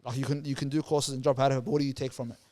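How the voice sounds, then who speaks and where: A man's voice: mid-range voice, flat delivery, darkish tone. A man from Somalia, a youth worker talking earnestly as a podcast guest and leaning on repeated words and fillers. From Somalia, raised in Australia. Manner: fast, earnest, full of repeated words and "you know" fillers. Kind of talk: casual podcast interview.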